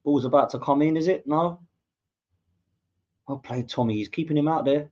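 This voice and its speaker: A man from England commentating live on a match as a fan podcast host, reacting loudly to play and reading viewer comments. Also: fairly high pitch, normal speed. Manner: excitable, shouts at goals, reads out viewer comments. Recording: dull lo-fi mic.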